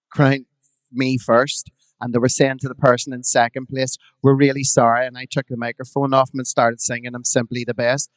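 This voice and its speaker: A man in his fifties with a broad Belfast accent spins bawdy, lively anecdotes, acting out the people in them as he goes. His voice sits mid-height and sounds close and dry. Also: medium pitch, no echo. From Northern Ireland. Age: 50s. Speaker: drag performer guest. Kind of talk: live podcast storytelling. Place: live podcast stage, dry close mic.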